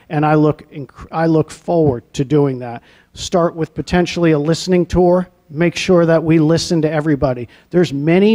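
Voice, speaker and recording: A man's voice: a little high, mellow. A middle-aged man from New England, newly named athletic director, giving an earnest press conference speech in an arena lobby and repeating words for emphasis. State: getting emotional at times.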